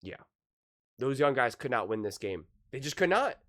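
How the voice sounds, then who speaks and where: A man with a sore, worn voice gives casual basketball commentary. He is excitable and emphatic, and he often restarts and repeats his points. His pitch sits in a middle range. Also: normal speed. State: sore voice from screaming.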